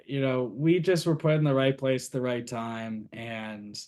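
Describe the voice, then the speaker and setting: A man's voice: medium pitch, a little slow. A young man from Boston, a guest on an interview show, telling stories casually with frequent fillers and chuckles. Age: young adult. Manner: relaxed storyteller, chuckles often, many fillers. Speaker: guest, university co-founder.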